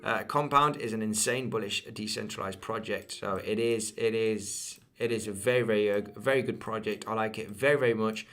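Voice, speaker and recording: A man's voice: on the low side, a little fast, few pauses, a bit bright. A young man from Spain with an English accent picked up from his mother, hosting a live crypto chart stream and answering chat with many fillers and restarts. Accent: English, picked up from an Isle of Man mother. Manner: repetitive, many fillers and restarts, addresses viewers as guys. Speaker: crypto livestream host.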